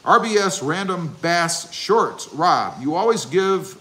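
A man's voice: high-pitched, animated, slow, pushed and bright. A man hosting a casual livestream, reading viewer comments aloud and answering them with jokes. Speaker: livestream host.

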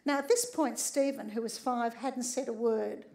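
A high-voiced, middle-aged woman speaks to a room as a sex therapist giving a humorous public talk. She is a lively storyteller who keeps checking in with her listeners and tags many of her lines with "all right?". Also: moderate pace.

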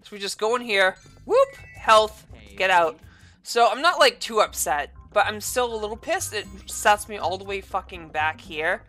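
A woman hosting her gaming channel, giving ranting gameplay commentary and swearing constantly. She swings from low mutters to screaming outbursts. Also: lively intonation, moderate pace, a bit bright, faint music behind.

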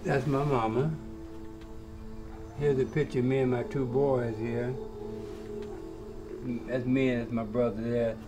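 Music plays in the background as this older cowboy, mid-range and level in tone, recounts his life in an easygoing interview. He speaks unhurriedly with frequent pauses, keeps things colloquial, and performs the voices of anyone he quotes.

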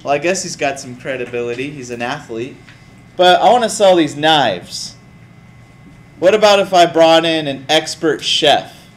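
A male teacher lecturing a classroom in a casual, lively way. His voice sits slightly high, and he keeps turning to the students with questions. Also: moderate pace.

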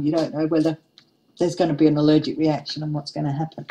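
A chatty woman in her forties tells a story while working on a craft project. She laughs often and keeps an easy, rambling pace. Her voice sits a little low, with a warm, mellow tone. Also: little pitch movement, quick pace, slight background noise, rough recording. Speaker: craft vlogger.

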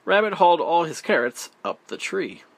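A man reading a children's picture book aloud, with slow, expressive storytelling. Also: on the high side, dry recording. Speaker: storybook reader. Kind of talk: children's audiobook read-aloud.

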